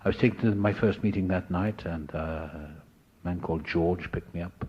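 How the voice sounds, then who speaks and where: An older man telling a personal story in a husky voice, acting out the people he quotes and dropping to a hush at moments. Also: deep voice, normal speed, muffled recording.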